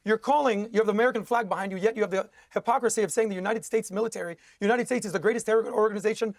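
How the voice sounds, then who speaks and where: Fast, high-voiced man arguing combatively. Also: no echo, studio quality. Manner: combative, sarcastic. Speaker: debate guest. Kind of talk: heated TV debate.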